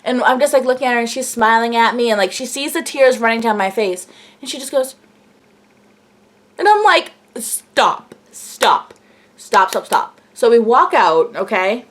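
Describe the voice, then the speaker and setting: A young woman vlogger telling an excited story in a gushing, breathless way, full of fillers. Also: a little high, normal speed.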